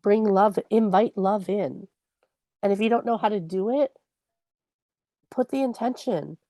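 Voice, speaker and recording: Co-hosting a casual podcast chat, this woman shares a personal parenting story with earnest feeling, performing the lines she once said. Her voice is medium-pitched, a little slow and dark, with no echo.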